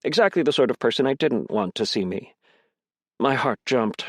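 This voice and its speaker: A man reading a crime mystery audiobook in first person, with a measured, tense delivery. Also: medium pitch, animated, breathy edge, no room sound, clean studio sound. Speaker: audiobook narrator.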